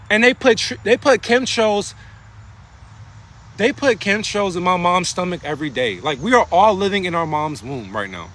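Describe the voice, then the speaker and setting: A man's voice: high-pitched, bright, forceful tone. A man delivering a rambling, profane spiritual monologue into his phone, preaching in a casual way. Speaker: spiritual vlogger.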